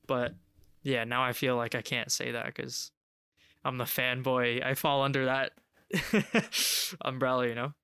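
A man co-hosts a podcast in a bright, crisp, resonant voice. He talks in a laid-back, agreeable way, and the sound is close and dry. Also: medium pitch, steady tone, a little slow, no echo. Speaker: podcast co-host. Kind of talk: casual chat.

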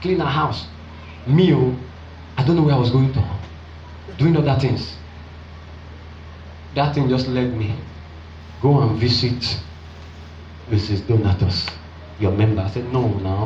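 Animated pastor, in a roomy hall. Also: male voice, slight background noise. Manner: animated storyteller acting out voices, jumping high for excited women. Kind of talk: storytelling sermon. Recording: roomy, distant and dull.

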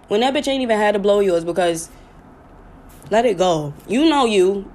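A woman's voice: mid-range voice, animated, moderate pace, darkish tone. A woman hosting her own podcast, talking casually and bluntly to her listeners, with plenty of swearing. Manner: blunt, profane, chatty, with sudden laughing outbursts. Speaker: podcast host. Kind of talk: casual live talk to listeners.

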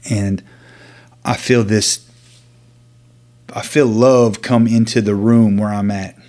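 A man earnestly telling his own story as an interview guest, halting and restarting often. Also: on the low side, steady tone, dark tone. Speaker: guest sharing his testimony. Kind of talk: personal storytelling.

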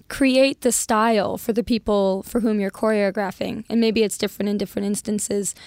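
A woman's voice: medium pitch, clear, resonant tone, dry recording. A woman host asking curious, friendly interview questions. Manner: curious, friendly, laughs often.

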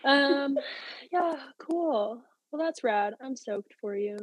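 A woman's voice: sits high, expressive, slow, low-quality recording. A woman co-hosting a podcast in casual chat, upbeat and slangy, encouraging her co-host.

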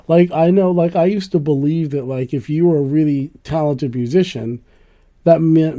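A man chatting casually on a podcast, rambling through his thoughts with frequent laughs. His voice sits a little high but sounds very dark and mellow. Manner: rambling, animated, laughs often, swears. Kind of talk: casual chat.

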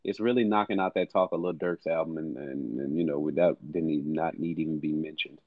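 A man's voice: extremely low pitch, brisk, no room sound, phone-quality sound. A man co-hosting a casual music podcast, blunt, profane and emphatic. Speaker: podcast co-host.

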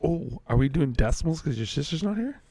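An easygoing man in his forties co-hosts a casual beer-tasting chat and teases his friends. His slightly high voice is lively and moves a lot. Crowd chatter surrounds him. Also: a little fast, creaky. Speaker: podcast co-host.

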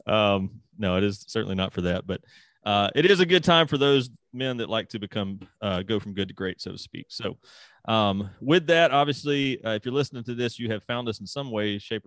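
A man's voice: fairly low pitch, expressive, normal speed, a bit bright, no room sound. A man from Mississippi, hosting a casual podcast in a laid-back way with frequent laughter. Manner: laid-back, laughs often, many fillers. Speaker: podcast host.

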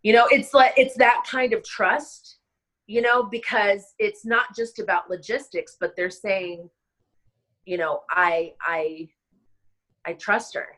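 A woman wedding planner, middle-aged, telling a personal story in a casual interview, emotional and halting, with many restarts and fillers. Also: medium pitch, fairly even intonation, fairly bright tone, poor audio.

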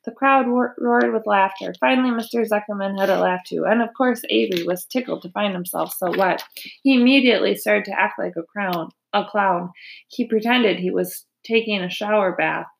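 A woman reading a children's novel aloud in a gentle, unhurried storytelling manner. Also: medium pitch, creaky, slight background noise. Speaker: reader.

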